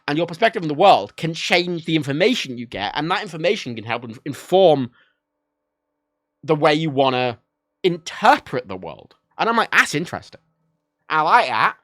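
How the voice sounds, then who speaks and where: A man riffs loosely on a livestream, doubling back to fix himself and dropping swears as he goes. His voice swings widely in pitch and has a bright, pushed edge. The sound is dry and close, with no room around it. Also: no room sound. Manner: rambling, self-correcting, swears freely. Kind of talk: casual livestream chat about games.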